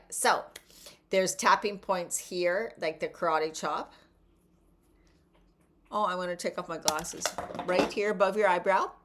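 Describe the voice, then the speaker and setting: Lower-voiced middle-aged woman coaching. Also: a bit bright. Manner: conversational, encouraging, checks in with "right?". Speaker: wellness coach. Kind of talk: casual guided teaching.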